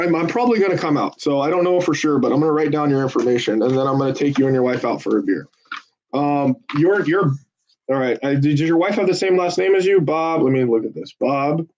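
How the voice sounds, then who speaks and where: A man's voice: fairly high pitch, a little mellow. A man volunteering on a phone bank, chatting with callers and viewers in a joking, persuasive salesman style. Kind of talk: casual livestream chat while making calls. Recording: dull lo-fi audio.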